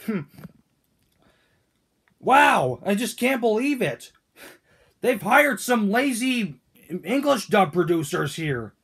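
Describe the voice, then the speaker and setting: A man doing grumpy whiny Toad, very high voice, gravelly husky edge, lively ranting questions. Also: slow, long pauses, full character voice. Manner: whiny, ranting, keeps asking indignant questions. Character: grumpy male Toad complaining on the couch. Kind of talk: fan-made cartoon voice acting.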